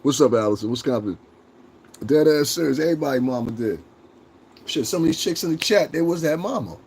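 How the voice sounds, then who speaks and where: A man livestreaming casual chat with his viewers, joking, swearing and laughing often as he rambles and acts out quick bits. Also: on the high side, expressive, darkish tone, slightly rough. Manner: talks straight to chat, rambling with restarts.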